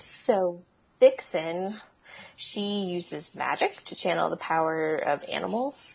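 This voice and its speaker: Gravelly-voiced woman chatting on a podcast. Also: on the low side, lively intonation, slow. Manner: chatty, explains with many ums and little laughs. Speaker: podcast co-host. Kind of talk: casual chat.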